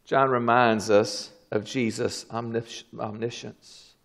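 A man preaching a fervent sermon, swinging from low murmurs to shouted exclamations. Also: flat delivery, slow pace, gravelly.

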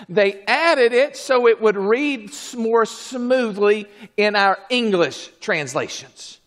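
A man preaching a fervent sermon in a very high, bright, ringing voice. He takes his words slowly and deliberately, dropping to low murmurs and then rising to shouted exclamations. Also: animated.

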